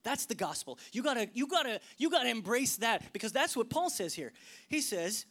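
A man preaching a sermon, swinging between loud emphasis and hushed, whispered lines. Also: very high voice, sing-song, brisk. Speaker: pastor.

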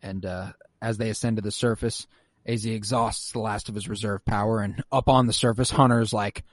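A man recapping a show episode in casual chat, animated and swearing freely as he acts out his reactions. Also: on the low side, a little fast, dry recording. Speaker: podcast host recapping an episode.

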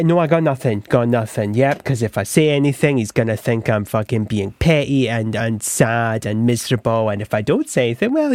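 An insecure young thief who stammers and swears at himself, his voice swinging in pitch as he spirals, played by a man. He is recorded dry and close, as in an actual-play game. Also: dry recording, close to an everyday voice.

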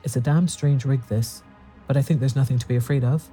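A man's voice: medium pitch, fairly even intonation, brisk, warm tone, soft background music, close to an everyday voice. A man doing a blunt, kindly fisherman.

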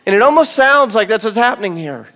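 A man's high, clear voice carries an earnest sermon. He builds with slow, weighty pauses, then sinks into quiet, low asides as he leads the room through his point. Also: lively intonation. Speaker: pastor. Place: church auditorium.

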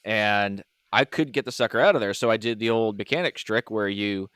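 Casting: man, low-ish clean voice, dry close mic, laid-back podcast chat. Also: fairly quick, clear, resonant tone, no echo. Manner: relaxed, rambling shop talk. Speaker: podcast host. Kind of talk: casual chat.

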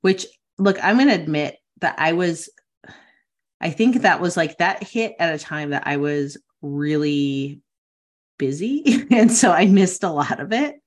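A woman's voice: sits low, lively intonation, a little slow. A woman co-hosting a casual podcast chat, talkative and thoughtful, with many "like" fillers. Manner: chatty, frequent filler "like", thoughtful. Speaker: podcast co-host.

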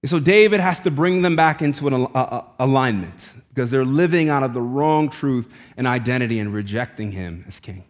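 A man preaching a sermon, telling a family story in a casual, conversational way and dropping his voice low and quiet when quoting people. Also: animated, fairly quick, hardly any pauses. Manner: conversational, casual slang, voice drops low and quiet for quoted lines. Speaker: pastor.

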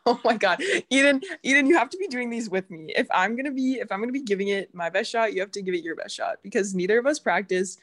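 A woman's voice: mid-range voice, quick pace, few pauses, fairly bright tone. A young woman guest, chatty, laughing a lot and enthusiastic. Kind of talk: casual chat.

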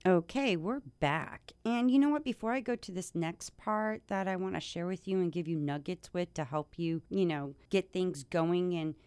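A woman's voice: fairly low pitch, normal speed, hardly any pauses, a little mellow, clear, resonant tone. A woman hosting her own life-coaching podcast, talking in an effusive, grateful way with many restarts, teary from joy. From United States. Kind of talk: casual podcast monologue.

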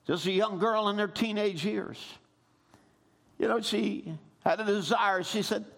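High-voiced preacher. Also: male voice, fairly even intonation, unhurried, gravelly. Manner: preaching with rising shouts and call-and-response amens. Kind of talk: sermon.

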